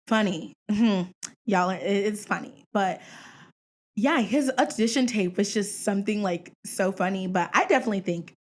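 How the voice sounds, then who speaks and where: A young woman hosting her own show, giving opinionated, animated commentary full of slang and asides while filming alone at home. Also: medium pitch, normal speed. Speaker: podcast host. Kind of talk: casual solo commentary.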